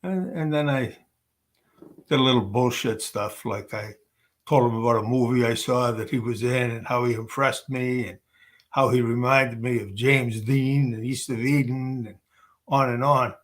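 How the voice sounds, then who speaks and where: A man's voice: medium pitch, fairly even intonation, moderate pace, fairly bright tone. A man, an actor, telling casual anecdotes on a webcam call, rambling with many fillers and restarts. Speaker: actor guest.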